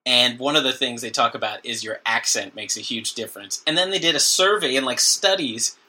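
Bright-voiced joking male co-host. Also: medium pitch, fairly quick. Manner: joking, does brief mock voices. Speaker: podcast co-host. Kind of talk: casual comedic chat.

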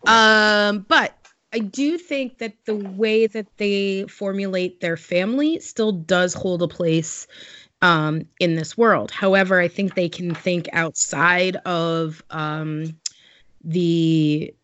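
A woman's voice: fairly low pitch, steady tone, slow, fairly bright tone. A woman co-hosting a casual podcast chat, thoughtful and hedging, with many fillers. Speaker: podcast co-host. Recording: dull lo-fi sound.

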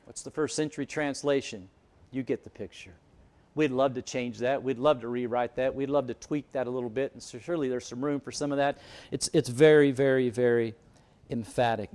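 A middle-aged man preaching a sermon as pastor, telling stories and joking with the congregation. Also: mid-range voice. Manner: anecdotal, animated, jokes with the congregation.

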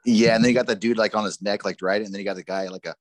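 A man co-hosting a podcast, chatting in a quick, rambling and profane way. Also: on the low side, fairly even intonation. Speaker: podcast co-host. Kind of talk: casual chat.

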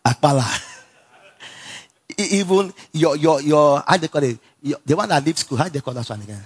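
Husky-voiced Nigerian preacher, animated and laughing. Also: male voice, a little high, moderate pace. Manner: animated storytelling with frequent laughter and repeated phrases; asks the congregation for responses. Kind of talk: sermon.

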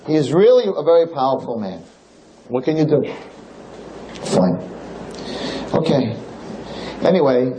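A man, a rabbi, telling a story during a religious lecture in an animated way, with his pitch jumping high when he gets excited. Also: a little hiss or hum, rough recording.

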